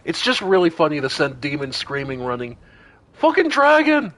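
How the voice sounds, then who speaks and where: A man's voice: mid-range voice, fairly quick, fairly bright tone. A man streaming a role-playing game, thinking aloud with casual commentary and some swearing.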